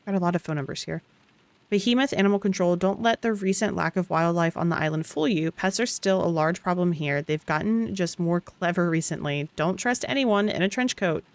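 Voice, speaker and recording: A woman's voice: on the low side, no room sound. A woman streaming a game, reading the on-screen text aloud with small asides to herself. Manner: reads in an even tone, with small asides and restarts.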